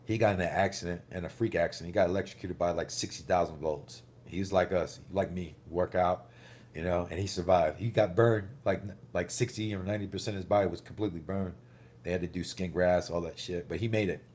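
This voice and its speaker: Man, casual vlogger, bruised after a wreck; deep voice, swearing, heated storytelling. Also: fairly even intonation, fairly quick, darkish tone. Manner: rambling, profane, heated storytelling. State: recovering from a car wreck, banged up. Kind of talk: casual vlog monologue.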